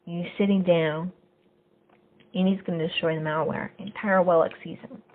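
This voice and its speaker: A woman hosting a podcast, casually recapping a TV episode scene by scene and getting lively when she quotes the characters. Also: fairly low pitch, normal speed. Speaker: podcast host. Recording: phone-like narrow sound.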